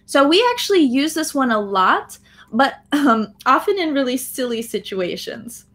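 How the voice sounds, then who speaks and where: With a high, very animated, slightly bright voice at normal speed, this American English teacher explains phrases during a live online class. She keeps asking "right?" to check understanding and fills pauses with frequent "um"s.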